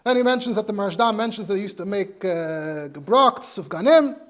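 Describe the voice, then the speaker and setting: A man's voice: sits high, animated, moderate pace. A man, a rabbi, teaching a halacha class in English. He explains sources step by step and mixes in Hebrew and Yiddish terms. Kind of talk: Torah lecture.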